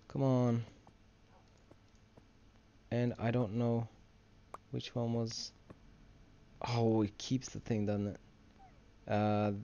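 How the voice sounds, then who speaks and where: A man's voice: medium pitch, gravelly, warm tone, smooth, dull audio. A man giving casual, rambling gameplay commentary for his channel, drowsy and easily distracted. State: sleepy, yawning. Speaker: gamer and video host.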